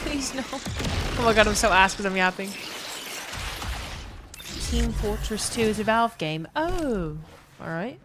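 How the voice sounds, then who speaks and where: A woman's voice: medium pitch, animated, slow pace, pauses often, noisy background. A woman from New Orleans chatting casually and rambling on a game live stream, swearing freely and greeting chat. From New Orleans, USA.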